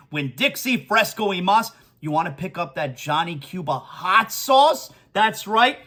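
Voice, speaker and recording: A man hosting a solo sports talk show, excitable and animated, repeating catchphrases and reading ads in a casual way. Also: sits high. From South Florida.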